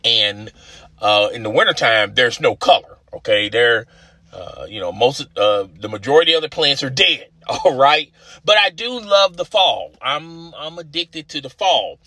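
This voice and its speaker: Male podcast host, solo talk, chatty and rambling; bright, forward tone, dry close sound. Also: mid-range voice, animated, measured pace, no room sound. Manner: rambling, chatty, keeps asking "okay?". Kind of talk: casual solo podcast monologue.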